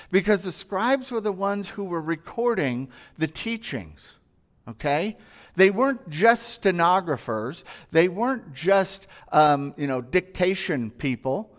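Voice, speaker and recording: A man preaching a sermon as a pastor, earnest and conversational, asking his listeners rhetorical questions. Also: high voice. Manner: earnest, conversational, acts out everyday dialogue and asks rhetorical questions.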